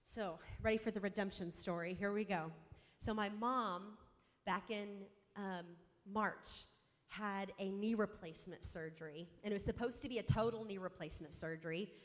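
A mother telling a personal faith story in an animated, self-mocking way, acting out the dialogue. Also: mid-range voice, normal speed. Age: adult mother. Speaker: speaker sharing a faith story. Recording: long hall reverb.

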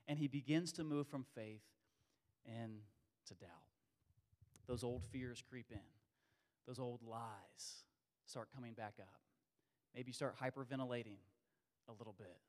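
A male pastor preaching a sermon, animated, swinging between loud bursts and hushed asides. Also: on the high side, unhurried. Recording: long hall reverb.

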